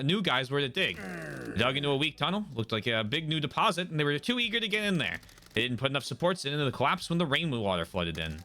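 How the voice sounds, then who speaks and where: A man's voice: fairly high pitch, bright, forceful tone. A man putting on a weary British gang boss. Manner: blunt, world-weary. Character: gruff older male gang boss.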